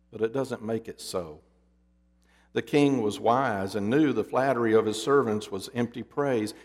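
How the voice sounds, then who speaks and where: A man preaching a sermon in a deliberate, emphatic storytelling manner, his endings dropping low. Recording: long hall reverb.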